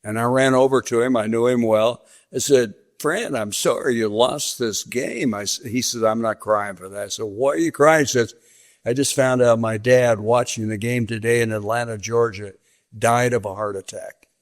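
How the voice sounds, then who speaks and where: In a steady, medium-pitched voice at a moderate pace, a veteran sportscaster from western Kansas, now an older man, recounts stories during a sit-down interview. He tells them vividly, acting out each piece of quoted dialogue.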